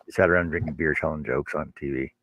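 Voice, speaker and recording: A man co-hosting a casual chat, explaining haltingly and repeating words. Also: extremely low pitch, steady tone, no room sound, lo-fi sound. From Canada. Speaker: livestream co-host.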